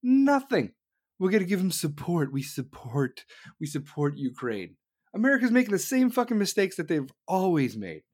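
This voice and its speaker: Brief: man, slightly high-pitched, heated profane rant with loud outbursts. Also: sing-song, moderate pace. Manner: heated, sarcastic, swearing, with sudden loud outbursts.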